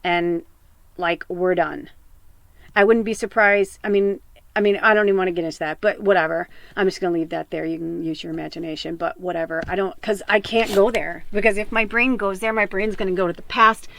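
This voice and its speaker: A woman's voice: fairly low pitch, steady tone, a little fast, gravelly, a bit bright, no echo. A woman podcast host, upset and close to tears, pouring out a raw, rambling monologue full of swearing and fillers. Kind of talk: emotional personal monologue.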